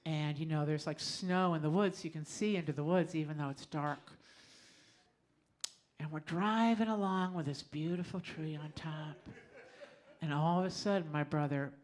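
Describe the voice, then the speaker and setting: Middle-aged female storyteller, live club stage, slightly low voice, lively conversational delivery. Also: normal speed. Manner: lively, conversational, often laughing.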